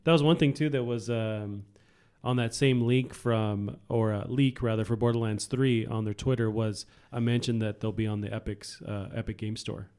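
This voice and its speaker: A young man with a lower voice and a clean, clear tone chats on a podcast. He hesitates often, filling gaps with ums and restarting his sentences. His delivery is casual and easygoing. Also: fairly even intonation, moderate pace, hardly any pauses, a little mellow. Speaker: podcast co-host. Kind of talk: casual chat about video games.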